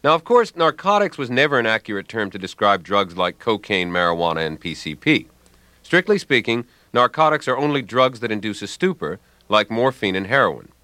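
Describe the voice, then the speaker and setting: A man delivering a scripted radio commentary on language in a dry, wry and ironic manner, recorded in a quiet studio. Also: fairly low pitch, big pitch swings, fairly quick, no echo.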